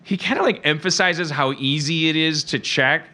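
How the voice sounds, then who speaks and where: Middle-aged man, podcast host, rambling comic chat, slightly high voice, bright tone. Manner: rambling, halting, laughs mid-sentence. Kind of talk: casual comedic chat.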